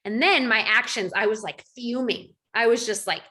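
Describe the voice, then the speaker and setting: A woman in her thirties leading a coaching call, animated and acting out her own thoughts as she talks. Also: fairly high pitch, moderate pace. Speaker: life coach. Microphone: video call.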